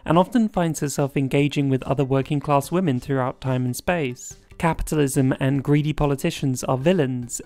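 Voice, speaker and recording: A man's voice: mid-range voice, mellow. A man narrating a scripted video essay in a chatty, wry, opinionated way.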